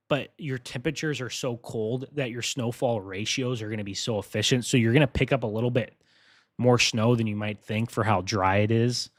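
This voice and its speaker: A man hosting a live weather briefing, talking casually and excitedly to his viewers. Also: mid-range voice, brisk, no echo, clean studio sound. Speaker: weather streamer.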